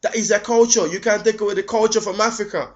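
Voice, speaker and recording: A man's voice: high-pitched, steady tone, fast. A man giving an indignant video response, firing off rhetorical questions and stumbling over repeated words. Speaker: vlogger. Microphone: webcam. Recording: dull lo-fi webcam audio.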